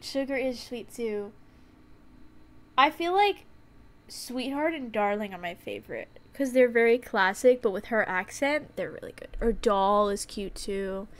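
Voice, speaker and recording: Giggly young woman streamer, high voice. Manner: excitable, giggly, chatty. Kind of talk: live game stream chat.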